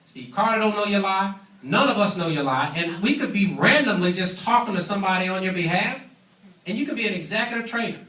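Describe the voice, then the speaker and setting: A man delivers a business training seminar in a preachy, emphatic manner, pressing his points and calling for the crowd to answer back. His voice sits high and rings through a reverberant meeting room, picked up by a mic some distance away. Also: brisk, sharp tone. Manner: emphatic, preachy, calls for audience responses.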